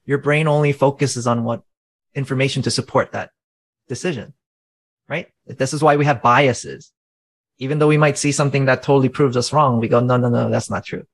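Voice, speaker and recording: A man with a gravelly voice talks in an earnest, teacherly way, like a faith-minded coach. He sits at an average pitch and keeps checking in with rhetorical questions. He sounds to be in his thirties. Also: low-quality recording. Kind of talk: conversational explaining.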